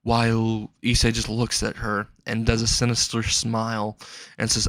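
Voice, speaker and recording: A man's voice: on the low side, level tone, normal speed, no echo. A man hosting and casually narrating a fan-fiction story, with frequent restarts. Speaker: channel host and narrator.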